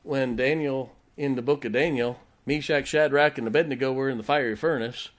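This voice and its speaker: A man's voice: mid-range voice, steady tone, fairly quick. A man preaching a sermon, retelling a Bible story in a folksy way and chuckling often as he goes.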